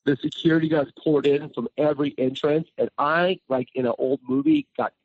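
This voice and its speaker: Animated storytelling man, dry muffled sound. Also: on the high side, a little fast, creaky, breathy edge, no echo. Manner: animated storyteller, acts out quotes. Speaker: chef guest. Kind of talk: casual chat.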